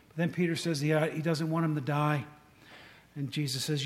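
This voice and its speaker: High-voiced man preaching casually. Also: fairly even intonation, normal speed. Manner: conversational, asks the audience questions, restarts often. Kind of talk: informal sermon. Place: room with a tin roof in the rain.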